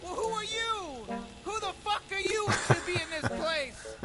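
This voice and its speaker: A squealing, unhinged tree dweller shrieks at intruders in an extremely high, strained voice and swears at every turn. It comes through as game audio with a loud soundtrack playing behind. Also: male voice, a little slow, over loud music. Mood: furious. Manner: screams possessively, swearing constantly. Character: shrieking territorial tree-dwelling man, furious. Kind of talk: comedy video game voice acting.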